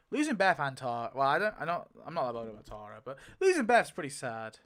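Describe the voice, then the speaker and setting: A man's voice: medium pitch, wildly swooping pitch, moderate pace, fairly bright tone. Chatty young man spinning a wheel. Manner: chatty and rambling, lots of filler and swearing. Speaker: video creator. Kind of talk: casual commentary while spinning a wheel.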